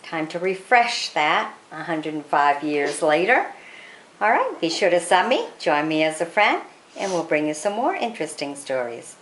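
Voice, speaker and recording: Lively, low-voiced woman introducing stories. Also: normal speed, reverberant, a little hiss or hum. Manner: chatty, lively sign-offs. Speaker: channel host introducing readings. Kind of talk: casual spoken introductions.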